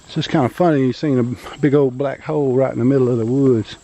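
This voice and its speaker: A man's voice: mid-range voice, fairly even intonation, fast talker, warm tone, slight background noise, low-quality recording. A middle-aged man with a Louisiana accent, narrating a hiking vlog outdoors in a forest in a rambling, joking, folksy way. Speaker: vlogger.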